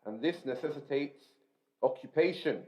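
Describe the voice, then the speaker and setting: A man reading a religious text aloud to a class in a measured, explanatory way, stopping to gloss Arabic terms. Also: a little high, darkish tone. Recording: roomy, dull lo-fi recording.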